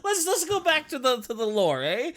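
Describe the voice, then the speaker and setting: Lively, sarcastic man reacting casually. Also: very high-pitched, moderate pace. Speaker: podcast co-host. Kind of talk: casual chat.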